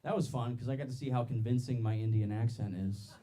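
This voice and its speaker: A young man doing a stand-up comedy set on a club stage, loud and laughing as he works the crowd. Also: mid-range voice, fairly even intonation, fast talker, background noise.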